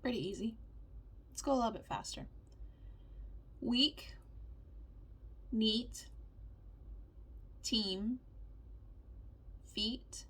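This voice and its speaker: Slow woman reading vowel word lists. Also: a little high, slightly rough. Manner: calm, reading word lists aloud with pauses. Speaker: teacher.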